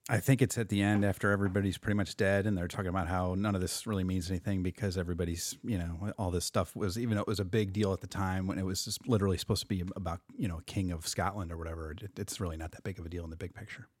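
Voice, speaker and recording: A man's voice: sits low, fairly even intonation, rapid-fire, few pauses, a little mellow, no room sound, clean studio sound. A man co-hosting a podcast, chatting casually with a sardonic edge. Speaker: podcast co-host. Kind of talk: casual chat.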